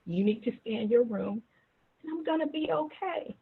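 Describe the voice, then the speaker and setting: A woman's voice: a little high, lively intonation, normal speed, vocal fry, a little hiss or hum. A woman voicing a worried mother who soothes her husband and children through tears. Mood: soothing. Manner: soothing, tearful. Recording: tinny phone-like audio.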